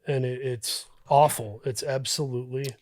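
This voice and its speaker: Man, podcast guest, reflective, halting, medium pitch, dry studio sound. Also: fairly even intonation, darkish tone, dry recording. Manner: thoughtful, halting with fillers and restarts. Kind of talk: reflective casual conversation.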